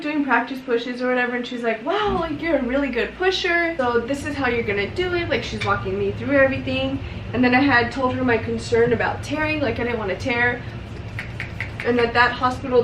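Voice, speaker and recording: A woman's voice: a little high, fairly quick, background noise. A young woman casually telling a personal story while doing her makeup, chatty and emotional, with lots of fillers. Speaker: vlogger. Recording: roomy echo, mic at a distance.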